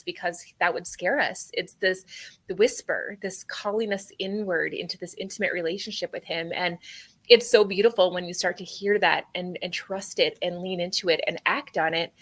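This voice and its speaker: A woman hosting a faith-based podcast, talking in an earnest, animated way with plenty of fillers. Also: on the low side. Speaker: podcast host.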